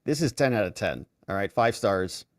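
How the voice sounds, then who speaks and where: A man's voice: lowish voice, animated, moderate pace, no room sound, studio quality. A man hosts a commentary show and talks over bodycam footage, his voice swinging widely up and down. He makes amused, sarcastic asides as he reacts to the clip. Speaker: legal commentary host.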